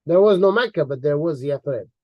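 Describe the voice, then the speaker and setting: A man's voice: fairly high pitch, expressive, a little fast, no echo, dull audio. A man delivering a heated, mocking monologue as an online commentator, repeating words for emphasis. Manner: angry, mocking, insulting.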